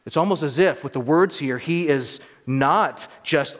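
A male preacher giving an expository sermon, teaching with emphatic rises and quiet asides. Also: medium pitch, animated, a little fast, few pauses. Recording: long hall reverb.

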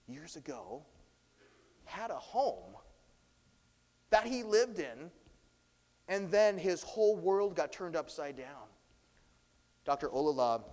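A man preaching a sermon, earnest, swinging between emphatic and hushed delivery. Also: medium pitch, big-room sound. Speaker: pastor.

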